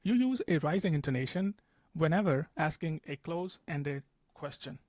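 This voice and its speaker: A man's voice: on the high side, darkish tone, no room sound. Patient man tutoring with a dry, close sound. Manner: patient, repeats example sentences slowly, frequent "okay". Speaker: test prep tutor. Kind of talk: explanatory tutorial.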